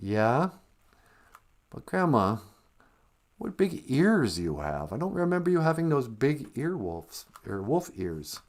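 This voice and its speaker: Naive little girl, high and innocent, voiced by a man. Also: sing-song, slow, darkish tone. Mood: puzzled. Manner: innocent, questioning.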